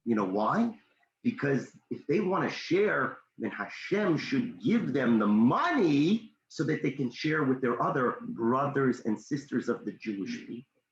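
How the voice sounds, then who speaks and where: A motivational speaker, a man, telling a story in a discussion, animated, his voice leaping up when excited. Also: mid-range voice, measured pace. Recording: echoey room, dull lo-fi sound.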